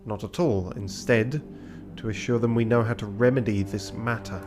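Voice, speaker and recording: A man voicing a calm, measured male ship officer who speaks slowly and softly. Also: lowish voice, music in the background, close to an everyday voice.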